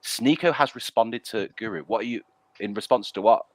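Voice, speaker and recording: A man's voice: lowish voice, moderate pace, dry recording. A man hosting a casual live stream, talking bluntly with mild swearing and reading out chat messages. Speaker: stream host.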